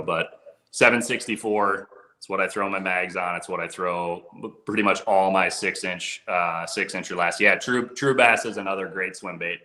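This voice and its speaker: A man talks through his fishing gear in an easygoing, casual way, dropping "dude" and "bro" as he goes. His voice sits low but has a bright, forceful edge to it. The sound is roomy, with a noticeable echo around him. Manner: laid-back, says "dude" and "bro". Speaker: fishing guide.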